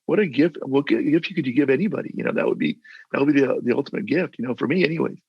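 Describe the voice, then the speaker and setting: This older former mayor, a guest in a casual video-call interview, has a gravelly, husky voice at medium pitch and talks very fast. He rambles earnestly through his stories, frequently restarting sentences, on dull, dry audio with little room sound.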